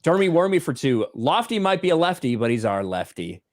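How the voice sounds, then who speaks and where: A man's voice: a little high, very animated, fairly quick, no room sound, studio quality. A man co-hosting a casual livestream, reading out viewer donations and swearing offhandedly. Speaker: livestream co-host reading superchats.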